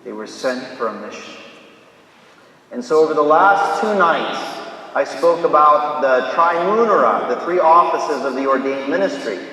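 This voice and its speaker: A man, a Catholic priest, giving a slow, deliberate sermon with a story woven in, recorded in a large church. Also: fairly high pitch, lively intonation, pushed and bright, a little hiss or hum. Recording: echoey church hall from far off.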